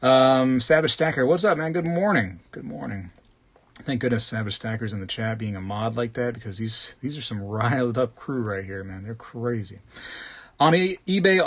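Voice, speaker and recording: A man's voice: mid-range voice, a bit bright. A man hosting a live morning stream about coins, chatting casually, joking around and reading out viewer comments. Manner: rambling, joking, reads out chat comments. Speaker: host of a live coin collecting stream.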